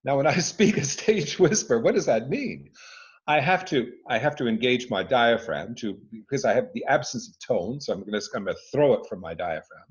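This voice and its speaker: A man in his living room speaking on a video call, an expert answering interview questions with emphatic, expressive delivery and frequent restarts. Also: medium pitch, normal speed. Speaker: speaking coach and former conductor. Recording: dull lo-fi video call audio.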